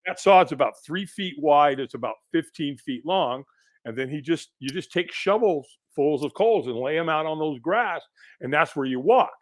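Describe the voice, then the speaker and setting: A middle-aged man speaks as a guest on a podcast, recounting a personal story. He tells it with animation and slips into the voices of the people he describes. His voice sits a little high and swoops widely up and down. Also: normal speed. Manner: animated storyteller who acts out quoted voices.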